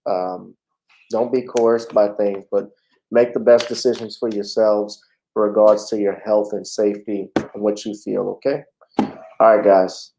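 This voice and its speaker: A man's voice: fairly low pitch, little pitch movement, a little slow, mellow, slight background noise, poor audio. A man hosting a casual livestream talk show, chatting in a laid-back way with frequent fillers.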